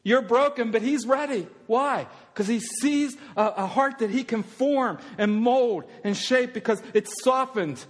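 A male pastor preaching a sermon, swinging from loud fervent passages to hushed, intimate ones. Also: very high voice, unhurried, few pauses, in a large hall.

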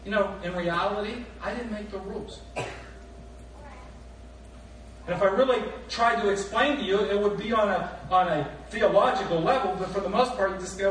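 A man preaching a sermon, his voice a touch higher than most, with animated rhetorical questions and voices for the people in the story. The sound is heavily echoey and picked up from a distance, with a faint noise underneath. It reads like a church recording. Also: normal speed. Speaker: pastor. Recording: echoey hall recorded from far off.

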